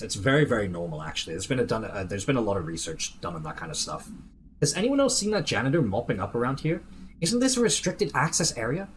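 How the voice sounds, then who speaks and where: A man's voice: mid-range voice, a little hiss or hum. A man streaming a video game, chatting casually and reading chat and in-game documents aloud, with a mostly American accent that drifts toward British. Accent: American, slipping toward British. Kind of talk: casual gameplay livestream chat.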